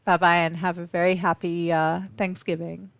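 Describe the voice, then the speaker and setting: A woman from South Africa hosting a live webinar from an office, speaking warmly and effusively with frequent ums and restarts. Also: on the low side, level tone, moderate pace, creaky, no room sound. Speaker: webinar host. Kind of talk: live webinar talk to viewers.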